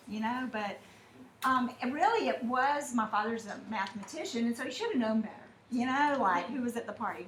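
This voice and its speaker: A woman teaches a class in a slightly high voice. She talks in a chatty way and acts out little exchanges to make her point. Faint classroom ambience sits behind her. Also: expressive, a little hiss or hum. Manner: chatty, with drawn-out asides and mimicked dialogue. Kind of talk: classroom lesson.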